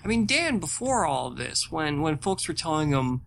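Animated man in casual podcast chat. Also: fairly high pitch, normal speed, creaky, slight background noise. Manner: animated, swearing, acts out quotes. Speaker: podcast co-host.

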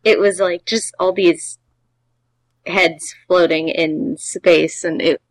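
A woman's voice: fairly low pitch, steady tone, slow, no echo, poor audio. A young woman talking comics on a casual podcast, hesitant and searching for words.

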